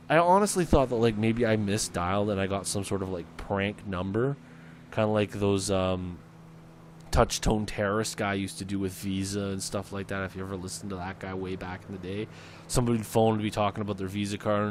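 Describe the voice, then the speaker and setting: A man's voice: fairly low pitch, a little fast, slight background noise. A man casually telling a personal story over game footage, rambling with fillers and acting out the people he quotes. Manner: rambling, animated retelling with fillers and acted-out quotes. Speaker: gaming video storyteller. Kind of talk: casual spoken anecdote. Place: at home, voice-over on gameplay.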